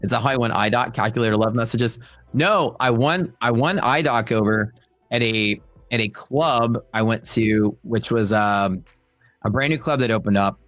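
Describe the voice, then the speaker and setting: A man's voice: medium pitch, moderate pace, no echo, faint music behind. Joking, storytelling man host on a stream. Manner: joking, animated storytelling with quoted voices. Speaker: livestream host. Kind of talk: casual chat with live chat.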